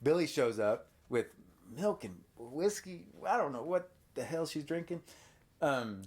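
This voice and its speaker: A man's voice: on the high side, unhurried. A man hosting a casual podcast, animatedly retelling a horror movie to a child and acting out bits of it. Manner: animated retelling, acts out characters with yelps. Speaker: podcast host.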